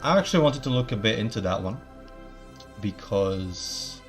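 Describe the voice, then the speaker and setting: A man's voice: lowish voice, lively intonation, normal speed, soft background music. A man chatting casually at the start of a live stream, rambling with many stumbling restarts and playful mock-formal asides.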